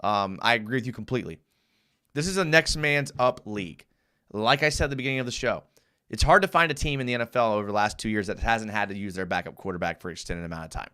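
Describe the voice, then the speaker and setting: A young man hosting a live fan show and breaking down game film, animated and easily worked up as he reads viewer comments. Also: on the low side, fast, clean tone.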